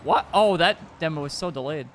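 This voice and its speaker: A young man chatting while playing a team game, with short excited callouts, frequent giggles and some swearing. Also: on the high side, brisk, a little hiss or hum. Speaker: teammate in a team match. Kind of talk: casual gaming voice chat.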